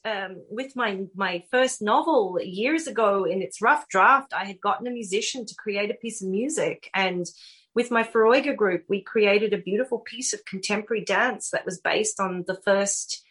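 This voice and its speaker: A woman's voice: mid-range voice, moderate pace. A middle-aged woman with an Australian accent, a guest author telling stories animatedly in a casual podcast interview. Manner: warm, animated storytelling with laughs.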